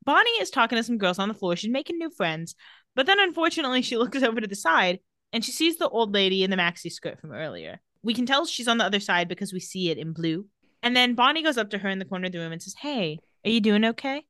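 A young woman telling a TV episode's plot in casual podcast chat. Her voice swings lively up and down, and she giggles easily as she talks. The sound is dry and close. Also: medium pitch, quick pace, no echo. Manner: giggly, animated storytelling. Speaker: podcast co-host.

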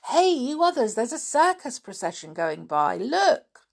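A woman reading the lines of an excitable, bossy tomboy girl in a storybook, with loud, eager exclamations. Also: fairly low pitch, moderate pace, gravelly, husky, full character voice. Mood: excited.

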